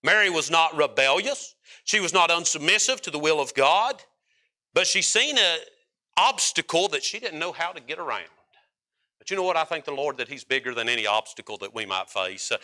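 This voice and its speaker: A man preaching a sermon in a folksy, emphatic way, rising to loud peaks and dropping to quiet stretches. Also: on the high side, lively intonation, brisk.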